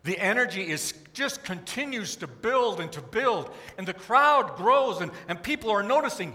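A pastor telling a story in a sermon, animated and acting out the crowd's cries. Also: male voice, high voice, moderate pace, hardly any pauses. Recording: long hall reverb.

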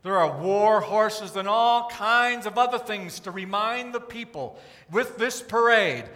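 A pastor preaches with a bright, high-pitched voice. He tells the story in an animated way and acts out the crowd's cries. His voice rings with the long reverb of a church sanctuary. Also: unhurried. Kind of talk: sermon storytelling.

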